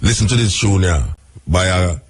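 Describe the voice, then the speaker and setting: Low husky Jamaican radio host. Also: male voice. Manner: affirming, slow and emphatic. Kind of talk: radio call-in hosting.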